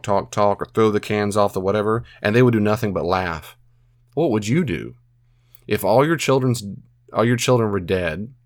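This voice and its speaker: A man's voice: fairly low pitch, no room sound, studio quality. A man giving earnest, casual advice as a podcast host, repeating phrases and acting out his own self-talk. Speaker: podcast host answering a listener.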